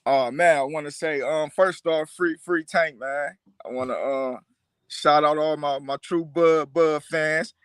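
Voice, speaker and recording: A man from Detroit calls into a boxing stream as a fan, in a fairly high voice. He talks relaxed and loose, repeating words and filling gaps with "uh" and "um." The sound is dry and close. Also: a little slow, clean tone, dry recording. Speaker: call-in guest, boxing fan. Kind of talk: casual chat.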